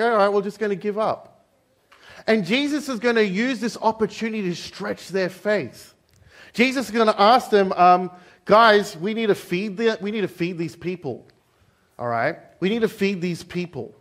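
High-voiced man preaching casually. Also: fairly bright tone. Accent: Australian. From Australia. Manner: conversational, joking, acts out quoted voices. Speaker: pastor. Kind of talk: sermon. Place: church hall.

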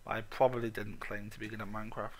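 A man with an excitable, sweary, self-mocking manner, giving let's play commentary on his own game. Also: on the low side, fast. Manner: excitable, swears a lot, laughs at himself. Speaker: gaming channel host.

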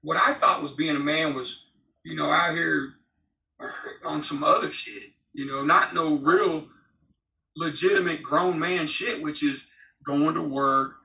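A man in his forties talks bluntly and rambles through his story, swearing freely in a very bright, forceful voice. He sounds distant and roomy, as if heard over a video call. The sound is a little dull. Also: fairly high pitch, unhurried, creaky. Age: 40s. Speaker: interview guest, former prisoner. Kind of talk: candid storytelling interview. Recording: roomy, distant, slightly dull remote audio.

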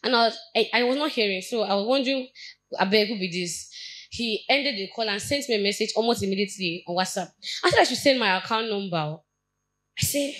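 A young adult woman with a Nigerian accent shares a personal testimony at a church Bible study, speaking earnestly and haltingly and frequently starting her sentences over. Her voice sits fairly high with a slightly bright tone, and the recording is rough.

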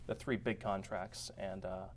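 A man's voice: low voice, little pitch movement, a little slow. A man working as a town recycling coordinator, explaining his job in a plain, matter-of-fact way. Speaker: board of health candidate and recycling coordinator.

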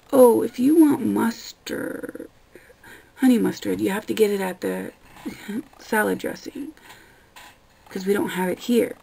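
A woman's voice: mid-range voice, vocal fry, warm tone, rough recording. A young woman vlogger ranting casually about annoying customers at work, exasperated and sarcastic, swearing often and acting out what customers say. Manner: acts out customers in quoted voices.

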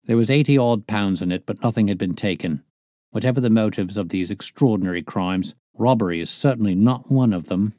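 A man's voice: fairly low pitch, a little fast, dark tone, no echo, clean studio sound, close to an everyday voice. A man reading aloud, voicing a matter-of-fact male police inspector in a near-natural voice. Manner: plain, matter-of-fact reporting.

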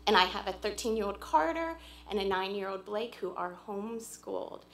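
A woman in her forties from Pennsylvania speaking earnestly and warmly to a church congregation, pausing often with "um". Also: medium pitch. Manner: earnest and heartfelt, many "um" pauses. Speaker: visiting churchgoer addressing the congregation. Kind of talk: informal church speech. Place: church sanctuary. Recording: echoey church room.

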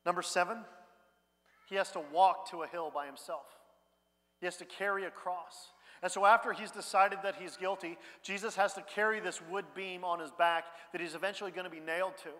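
A male pastor preaching a sermon in a conversational way, dropping quiet and then rising loud. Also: high-pitched, steady tone, fairly quick. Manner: conversational preaching, swings between hushed and loud. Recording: church hall reverb.

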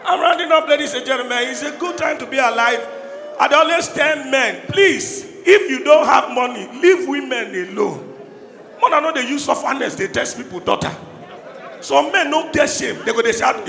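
A man from Anambra State doing stand-up comedy in Nigerian Pidgin, shouting his punchlines to a live crowd. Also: very high voice, animated, moderate pace, creaky. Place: live comedy show in a large hall. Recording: echoey hall, crowd noise. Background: crowd laughing and cheering.

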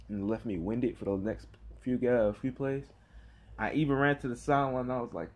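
A teenage boy talking casually to camera in a tired, rambling way, with sighs and halting fillers. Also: mid-range voice, fairly even intonation, darkish tone. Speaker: vlogger. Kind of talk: casual talk to camera about football practice.

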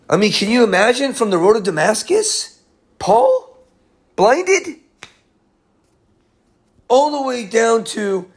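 Husky, animated preacher man. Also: sits high. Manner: animated, jokey, slips into quick character voices. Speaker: pastor and bible teacher. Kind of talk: casual verse-by-verse sermon.

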